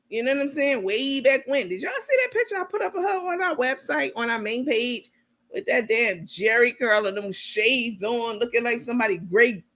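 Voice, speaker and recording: A woman hosting a casual comedy commentary show, talking in an animated, playful way with plenty of profanity. Her voice sits a bit on the high side. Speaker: host.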